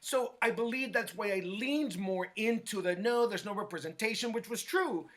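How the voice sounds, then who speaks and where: A middle-aged man telling stories from his life in a casual interview, animated and acting out quoted voices, often checking in with "right?". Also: high-pitched, normal speed. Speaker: guest, hair stylist.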